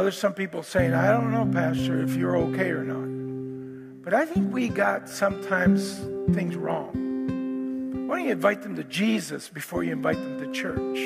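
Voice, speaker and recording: A man preaching a sermon as pastor, animated and prone to restarts, acting out quotes from the story. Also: sits high, moderate pace, creaky. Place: church hall. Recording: long hall reverb, faint guitar.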